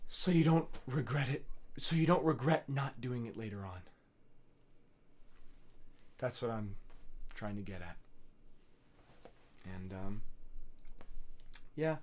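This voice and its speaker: A man's voice: medium pitch, slow pace, long pauses, a little hiss or hum. A young man hosting a solo podcast, giving a rambling, earnest pep talk full of fillers and swearing. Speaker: podcast host.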